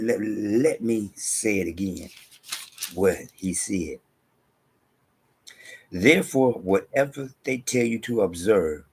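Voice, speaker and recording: A man preaching a monologue, reading scripture aloud and repeating his points emphatically, often dropping to hushed asides. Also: lowish voice, vocal fry, husky.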